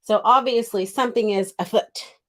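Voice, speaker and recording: Chatty woman with a higher voice. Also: fairly bright tone. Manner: chatty, quick back-and-forth with a partner. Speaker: co-host of a movie review podcast. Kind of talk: casual chat.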